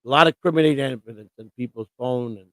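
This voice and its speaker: A man's voice: medium pitch, quick pace, fairly bright tone, dry recording. A man co-hosting a casual live stream, talking bluntly and profanely in long rants. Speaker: co-host.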